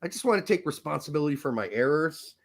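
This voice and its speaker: A man's voice: a little high, expressive, fast. A young man hosting a podcast, rambling energetically and joking with frequent laughs. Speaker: podcast host. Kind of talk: casual chat.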